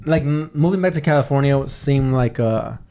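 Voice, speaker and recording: This young podcast host has a mid-range, dark-toned voice and talks at a normal speed. His long personal story wanders casually, full of frequent swearing and sentences he starts over.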